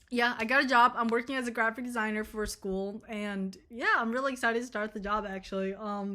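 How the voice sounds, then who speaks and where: A young woman talks straight to camera in a loose, rambling storytime vlog, with swearing all through it. Her voice sits a little high and sounds bright and forward, and she swings into lively retellings of what she said and thought. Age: young adult. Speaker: vlogger.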